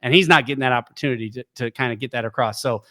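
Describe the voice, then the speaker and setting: A middle-aged man co-hosting a sports podcast in casual chat, an animated storyteller who jumps into high voices to act out quotes. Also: very fast. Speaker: podcast co-host.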